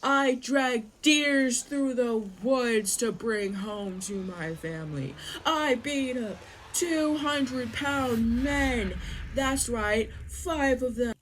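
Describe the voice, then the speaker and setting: A woman voicing a tiny, tough young heroine in a mocking, squeaky voice. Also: drawn-out words, slight background noise, rough recording. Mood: boastful.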